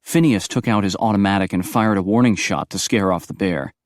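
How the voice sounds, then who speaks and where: A man reading audiobook narration in a brisk, expressive storytelling manner. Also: low-pitched, no room sound, studio quality.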